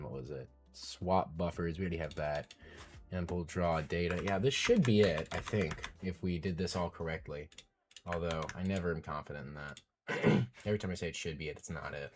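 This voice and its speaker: Low-voiced man muttering through code. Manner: mutters code aloud, self-deprecating, easily frustrated. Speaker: programmer live-streaming coding. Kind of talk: casual think-aloud coding commentary.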